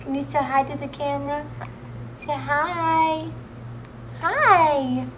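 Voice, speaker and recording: A new mother coos to her newborn in sing-song baby talk at home. Her voice is high, and she speaks slowly. It is recorded on a handheld camcorder, with a faint hiss behind her.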